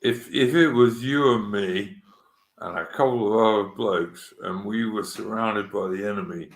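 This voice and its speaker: Blunt, low-voiced man in an echoey room. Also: moderate pace. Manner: blunt, swearing, matey. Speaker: host. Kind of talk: casual chat.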